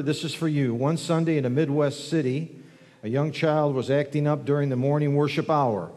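A man's voice: a little high, a little mellow. A man preaching as a guest pastor, telling folksy jokes and building up to fervent appeals. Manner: folksy, joking, then rising in fervor. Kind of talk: sermon with jokes. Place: church sanctuary. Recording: long church reverb.

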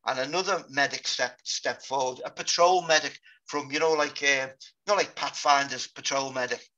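Man, 50s, from Britain, veteran guest, halting sober storytelling, crisp bright tone, muffled recording. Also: mid-range voice, steady tone. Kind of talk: interview storytelling. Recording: dull lo-fi podcast audio.

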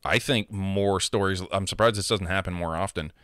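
Low-voiced man in a profane gaming rant. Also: moderate pace, fairly bright tone, clear, resonant tone, no room sound, studio quality. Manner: profane, heated, emphatic. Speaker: gamer. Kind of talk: casual rant.

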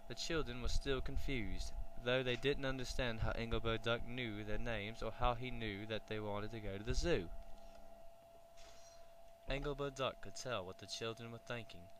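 A man narrating a children's storybook in a lively, expressive way. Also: mid-range voice, normal speed, slight background noise, poor audio. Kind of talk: storybook reading.

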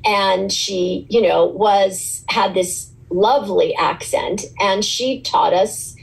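A woman's voice: mid-range voice, slow pace, vocal fry, poor audio. A woman in her sixties, a guest in an interview, recalling past work in a chatty, rambling way with frequent restarts. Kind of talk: relaxed interview recollection.

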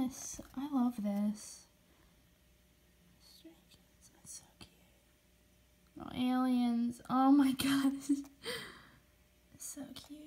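A woman's voice: sits high, dark tone. A young woman gushing through an unboxing vlog, often dropping to a whisper. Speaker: vlogger.

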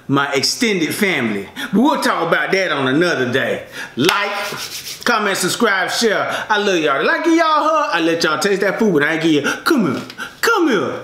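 A man tells a story to camera in a lively, sing-song way, his pitch leaping around as he laughs through it. His voice is bright and forward. The room around him is echoey. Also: a little hiss or hum. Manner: animated, laughs often, drawling asides. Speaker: mukbang vlogger. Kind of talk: casual storytelling to camera while eating.

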